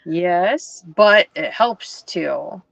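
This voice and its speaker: A woman chatting casually with a crochet host, making gentle, agreeable remarks. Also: fairly low pitch, lively intonation, extremely slow, vocal fry, no echo. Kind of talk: casual chat. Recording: dull lo-fi livestream audio.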